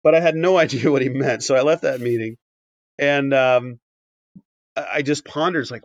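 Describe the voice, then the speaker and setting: Speaking at a moderate pace in a medium-pitched voice, an author and animation writer guesting on a podcast works through a long anecdote with many fillers and restarts. He performs the quoted dialogue and is briefly choked up. The audio is dull and dry, with no echo.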